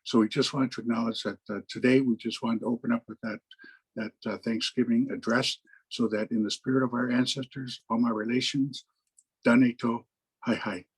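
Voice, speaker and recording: A soft-spoken man giving an opening address over a video call. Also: medium pitch, fairly even intonation, fairly quick, husky, low-quality recording.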